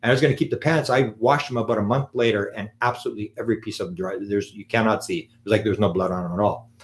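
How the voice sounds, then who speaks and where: A man telling an anecdote in a live talk, animated and acting out the quotes. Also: fairly low pitch, fast talker. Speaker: lecturer on UFOs.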